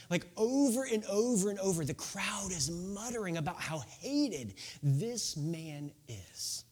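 Animated high-voiced man preaching. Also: unhurried, hardly any pauses. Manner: casual storytelling, keeps checking in with "right?"; sings a children's song. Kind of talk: conversational sermon.

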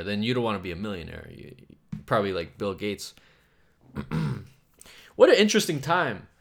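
A man hosting a solo podcast, rambling from topic to topic in a self-mocking, profane way. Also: medium pitch. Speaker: podcast host.

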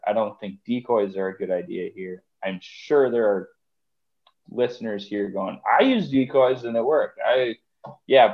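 Rambling low-voiced man, lo-fi sound. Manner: rambling, conversational, many fillers. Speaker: podcast guest, deer hunter. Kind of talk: casual podcast chat.

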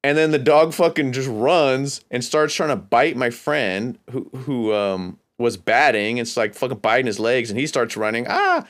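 A man's voice: medium pitch, normal speed, few pauses. A man from California hosting a podcast, telling a long, rambling, profane story in a casual, laid-back way. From California, USA. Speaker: podcast host.

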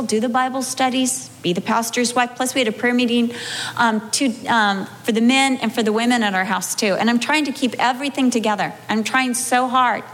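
High-voiced woman telling a lively testimony. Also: big-room sound, slight background noise. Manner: animated storytelling, acting out her own wails and self-talk. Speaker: pastor's wife and speaker. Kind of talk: humorous personal testimony in a sermon.

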